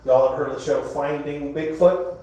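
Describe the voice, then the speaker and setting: High-voiced crude stand-up comedian, echoey. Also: male voice, steady tone, normal speed, dark tone, distant mic. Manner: rambling, crude, self-mocking. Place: comedy club, indoors. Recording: echoey club recorded from afar.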